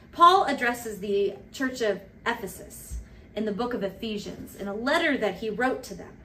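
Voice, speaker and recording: Lively woman giving a devotional talk. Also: a little high. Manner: animated, playful asides and mock voices. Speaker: church devotion leader. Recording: recorded from a distance with faint noise.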